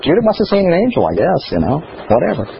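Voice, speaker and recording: A man teaching scripture in a chatty, animated way, telling stories between points. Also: a little high, fast talker, vocal fry, muffled recording, a little hiss or hum. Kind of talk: bible teaching.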